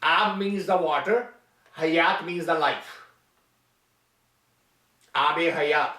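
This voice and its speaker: A man delivering a spiritual talk, telling a parable slowly and deliberately with long pauses. His voice sits high for a man and rings bright. The sound is echoey and set back from the mic. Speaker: spiritual teacher. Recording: echoey room from far off.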